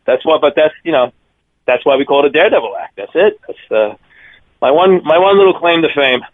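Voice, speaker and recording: This radio guest is a circus daredevil in his fifties with a Long Island accent, phoning in to tell stories. He speaks briskly in a highish voice with no echo, rambling energetically and leaning on fillers, and the line sounds tinny.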